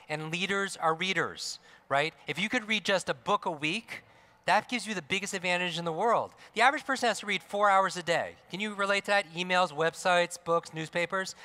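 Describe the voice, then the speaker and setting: A middle-aged man giving an energetic motivational talk on stage, asking the crowd questions and tagging lines with "right?". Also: sits high. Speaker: motivational speaker. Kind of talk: live stage talk to an audience. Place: large expo hall. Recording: long hall reverb.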